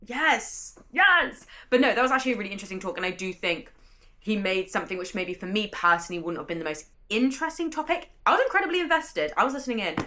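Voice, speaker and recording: Chatty bright-voiced British woman. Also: medium pitch, lively intonation, racing, a little hiss or hum. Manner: chatty, enthusiastic, rambling. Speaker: vlogger, bookseller. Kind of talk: casual vlog narration. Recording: staticky audio.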